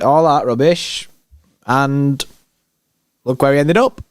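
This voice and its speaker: A man's voice: fairly high pitch, normal speed, long pauses, no echo. Brief: male fan-channel host, hyped slangy watchalong banter, resonant voice, dry close sound. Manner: excitable, slangy, banter with chat. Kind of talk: live match watchalong commentary.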